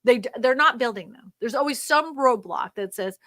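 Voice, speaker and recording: A woman's voice: fairly high pitch, expressive, moderate pace, pushed and bright, no echo. A woman hosting a real estate live stream. She reads viewer comments aloud and answers them in an emphatic, ranting way, laughing often.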